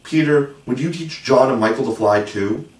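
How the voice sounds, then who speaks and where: A man voicing an eager, proper young girl who cries out in excitement, recorded with a distant mic in a roomy space. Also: medium pitch, moderate pace, voice pushed up, lightly acted. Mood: excited.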